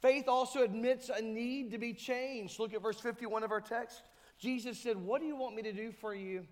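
A man's voice: extremely high pitch, fairly even intonation, normal speed. A man preaching a sermon to his church, emphatic, sometimes acting out the voices of people in the story. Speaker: pastor. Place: church sanctuary. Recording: hall reverb.

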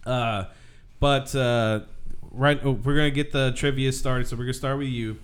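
Smooth-voiced man hosting a podcast quiz. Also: medium pitch, steady tone, moderate pace. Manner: chatty, stumbling restarts, hums while waiting. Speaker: podcast host running a trivia game. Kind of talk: casual chat.

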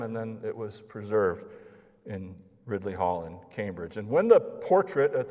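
A man preaching a sermon as pastor, earnest, moving between hushed asides and emphatic declarations. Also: lowish voice. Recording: long hall reverb.

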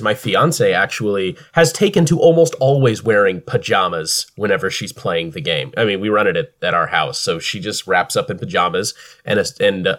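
Low-voiced young man, rambling podcast chat. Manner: relaxed, rambling, lots of fillers and restarts. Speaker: podcast co-host and game master. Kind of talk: casual chat.

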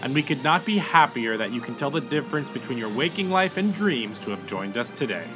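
A man's voice: medium pitch, expressive, a little fast, over music. A man co-hosting a podcast in casual chat, jokey and mock-formal, with frequent "uh" fillers. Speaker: podcast co-host.

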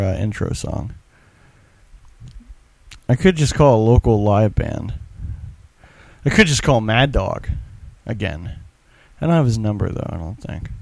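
A man's voice: fairly low pitch, animated, a little slow, vocal fry, darkish tone, no echo. A man hosting a music show, talking casually and rambling with plenty of swearing. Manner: profane, griping, offhand. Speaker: radio show host.

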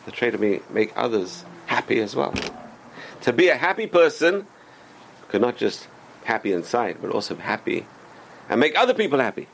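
A man teaching a religious class as a rabbi, animated and full of rhetorical questions to his students. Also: medium pitch, normal speed, vocal fry, a little hiss or hum.

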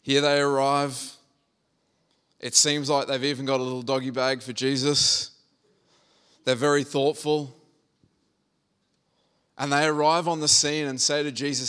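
A man's voice: a little high, steady tone, moderate pace, long pauses, a bit bright, clear, resonant tone. A man preaching a conversational sermon, reading scripture and retelling the story with humor.

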